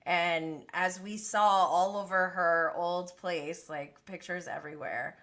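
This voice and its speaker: A woman's voice: lowish voice, fairly even intonation, slow, fairly bright tone. A young woman hosting a casual recap livestream, chatty and gossipy, who laughs often. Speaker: host of a reality TV recap livestream.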